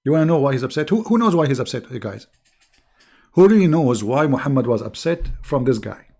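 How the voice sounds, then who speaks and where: A man's voice: medium pitch, animated, fairly quick, dark tone. Sarcastic man hosting a livestream. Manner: sarcastic, mocking, clears throat often. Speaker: livestream host. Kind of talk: commentary monologue.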